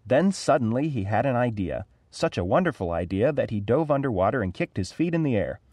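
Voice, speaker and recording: A man narrating a storybook aloud in a clear, even read-aloud delivery. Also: mid-range voice, a little fast, no room sound.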